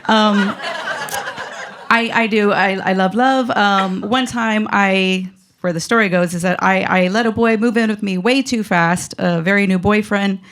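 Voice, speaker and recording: Gravelly, mouthy woman storyteller. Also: mid-range voice, measured pace, fairly bright tone. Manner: mouthy, self-mocking, lots of fillers and laughter. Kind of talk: live comic storytelling. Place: live storytelling stage.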